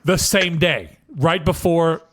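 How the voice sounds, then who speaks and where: A man co-hosting a casual podcast, telling a story with lively asides and frequent "okay?" check-ins. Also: fairly high pitch, slow pace. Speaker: podcast co-host.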